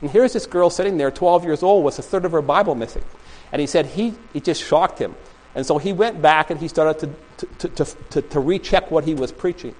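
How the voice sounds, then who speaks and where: Rambling pastor with a higher voice. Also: male voice, brisk, a little mellow, low-quality recording. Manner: rambling storytelling with frequent restarts. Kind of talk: sermon. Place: small church.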